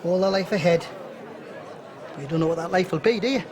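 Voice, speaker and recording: A man's voice: high-pitched, a crowd in the background, noisy background, lightly acted. An actor playing a cheeky Geordie club comedian who rattles off jokes and laughs at his own lines. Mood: chatty. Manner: quick patter with rising punchlines, laughs at his own jokes. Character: cheeky male club comic, brash and joking.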